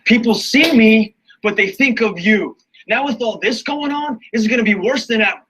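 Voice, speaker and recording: Young man, pleading, strained, film dialogue, very high voice, husky. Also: lively intonation, moderate pace, a bit bright, heavily acted, poor audio.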